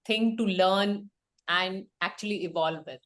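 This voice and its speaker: A woman co-hosting a podcast in casual, halting chat over a video call. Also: medium pitch, a bit bright. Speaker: podcast co-host.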